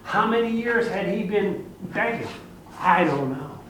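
A man preaching a sermon, telling a story dramatically and swinging between hushed and loud. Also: high voice, animated, measured pace, roomy sound, far from the mic, slight background noise, rough recording.

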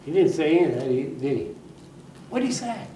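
Dramatic preacher, high and swooping. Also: male voice, sing-song, fairly quick, reverberant, recorded from a distance, a little hiss or hum, poor audio. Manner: dramatic storytelling with sudden swings from hushed to loud. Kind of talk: sermon.

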